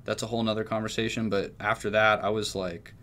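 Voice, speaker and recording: A man's voice: fairly low pitch, little pitch movement, quick pace, bright, forceful tone, a little hiss or hum. A young man from Texas telling a story in casual chat, rambling and swearing freely. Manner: profane, rambling, laid-back. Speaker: music producer.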